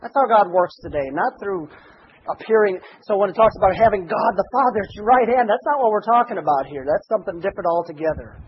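A man preaching a sermon as pastor, reading scripture and swelling to shouts on key phrases, with folksy asides. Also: high voice, animated, fast, highs cut off, slight background noise.

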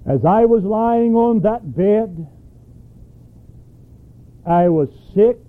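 Man preaching a sermon, kinda high voice, keeps asking the crowd stuff, sounds like an old phone-thin tape. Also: animated, very slow, phone-quality sound. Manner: emphatic, asks the congregation questions.

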